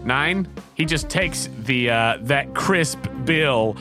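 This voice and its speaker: A man's voice: mid-range voice, lively intonation, takes it slowly, over music. A man hosting a podcast and running a tabletop game as game master, in a casual, laughing way full of fillers.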